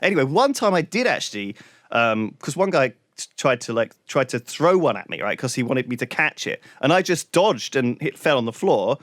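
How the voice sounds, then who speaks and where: A man's voice: medium pitch, sing-song, moderate pace, fairly bright tone, no echo, studio quality. A young man, a podcast co-host, telling a story in a rambling way full of "like" and restarts. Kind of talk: casual podcast chat.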